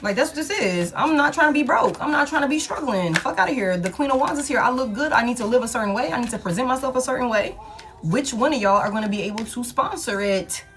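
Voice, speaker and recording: Woman doing a vain demanding diva, brash, blunt, swears freely, higher-pitched, faint music behind. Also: animated, fast talker, a bit bright. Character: vain money-hungry young woman, demanding and showy.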